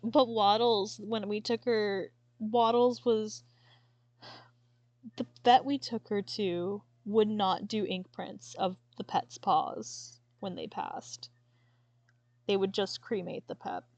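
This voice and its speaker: A woman streamer chatting casually and haltingly, sometimes tearful and apologizing. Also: medium pitch, steady tone, a little mellow, no echo. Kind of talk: casual chat while showing a sketchbook.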